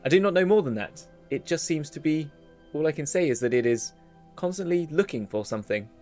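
A man voicing a sentient male magic orb that states facts in a flat, measured way during a tabletop game. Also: medium pitch, faint music behind, natural voice. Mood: matter-of-fact. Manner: flat, factual, slow pronouncements. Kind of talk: tabletop role-play.

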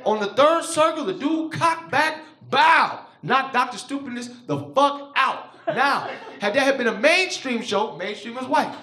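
Loud high-voiced stand-up comedian man. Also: moderate pace, hardly any pauses. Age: 30s. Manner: loud, animated storytelling with crowd work. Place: comedy club stage. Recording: roomy live club sound. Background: audience laughter.

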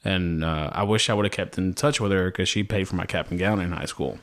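A man's voice: deep voice, a little fast. A man chatting casually as a podcast guest, rambling with many fillers and restarts. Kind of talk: casual chat.

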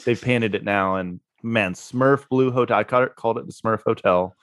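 A man's voice: on the low side, moderate pace, no echo, studio quality. A man being interviewed, telling a story in a laid-back way and laughing at himself. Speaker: guest, real estate investor.

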